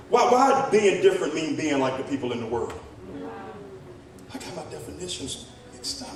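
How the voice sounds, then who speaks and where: A male pastor preaching a sermon, rising into shouts and speaking straight to the congregation. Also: on the high side, very animated, normal speed, a little hiss or hum. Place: church sanctuary. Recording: echoey church hall from far off, congregation. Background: congregation responding.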